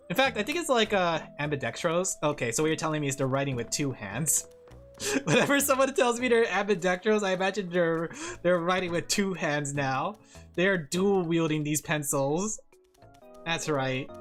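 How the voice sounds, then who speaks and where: A woman VTuber chatting casually with her viewers while she draws, giggly and talkative. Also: sits low. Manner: giggly, chatty, talking to chat. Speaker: VTuber streamer. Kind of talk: casual livestream chat while drawing. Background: background music.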